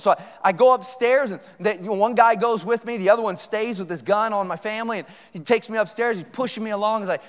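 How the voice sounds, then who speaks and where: A middle-aged man preaching a sermon as a pastor, telling a story in an animated way and acting out the voices in it. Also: high-pitched, fast, few pauses. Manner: animated, acts out quoted voices. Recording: long hall reverb.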